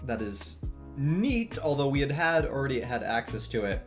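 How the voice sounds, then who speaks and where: Young man, streamer, casual chat, animated intonation, laughs a lot, faint background music. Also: medium pitch, normal speed. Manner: relaxed, chatty, laughs often, answers chat.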